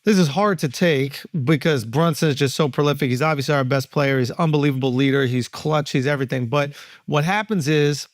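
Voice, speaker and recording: Guy w a kinda high voice telling a story on a podcast, acts out the quotes, dry close sound. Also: fairly quick, no echo. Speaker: podcast co-host. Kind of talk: casual storytelling banter.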